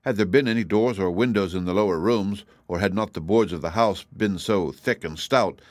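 A man narrating a storybook in a steady, even reading manner. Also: lowish voice, moderate pace, no echo. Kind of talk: scripted narration.

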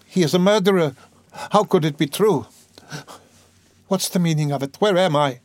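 A frantic young woman cries out in a high, pleading voice, bewildered and desperate, as a male audiobook reader puts her on. Her words come urgent and tearful over a dry, close recording. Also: fairly quick, no echo, natural voice. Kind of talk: audiobook character voice.

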